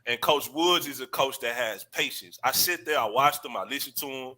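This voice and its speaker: A man's voice: medium pitch, normal speed, low-quality recording. A man co-hosting a casual sports chat, telling stories and acting out quotes. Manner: animated storyteller, acts out quotes, laughs often. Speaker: podcast co-host.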